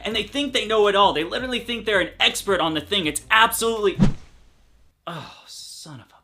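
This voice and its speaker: A young man ranting in a comedic vlog, profane, exasperated and sarcastic, swinging between loud outbursts and tired mutters. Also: sits high, fast, creaky, background noise. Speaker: reptile YouTuber.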